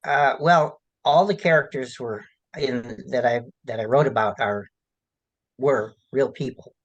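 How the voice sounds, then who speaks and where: Halting, rambling man. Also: mid-range voice, lo-fi sound. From United States. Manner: halting, rambling, many restarts and fillers. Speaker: author being interviewed. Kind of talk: casual interview answers.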